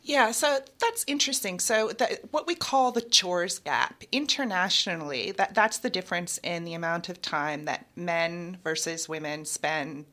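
A woman with an American accent, an author guest talking in an animated, chatty way on a radio interview, with frequent ums. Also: fairly low pitch, unhurried, few pauses.

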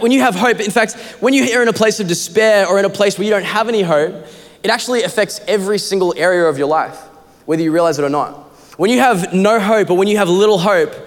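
Young man, pastor, earnest conversational sermon, high voice, long hall reverb. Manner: earnest, conversational preaching with fillers. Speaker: assistant kids pastor. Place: church auditorium.

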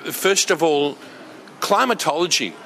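A man's voice: fairly high pitch, animated, measured pace, pushed and bright, a little hiss or hum. An Australian man hosting a community radio show, chatty and enthusiastic, with lots of fillers.

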